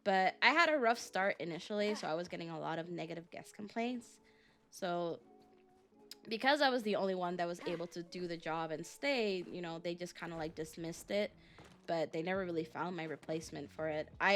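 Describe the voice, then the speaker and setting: A woman's voice: lowish voice, animated, a little fast, fairly bright tone, faint music behind. A young adult woman streaming as a VTuber, chatting casually and rambling through a story with lots of fillers.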